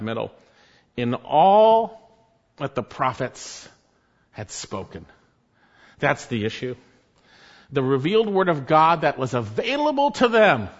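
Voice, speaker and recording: A man preaching a sermon, emphatic, rising to loud exhortations and dropping to low, quiet stresses. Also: lo-fi sound.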